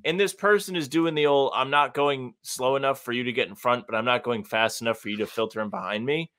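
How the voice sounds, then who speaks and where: A man's voice: mid-range voice, fast talker, fairly bright tone. A man co-hosting a casual sports podcast, giving opinionated rants with mock outrage. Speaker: podcast co-host. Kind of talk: casual chat.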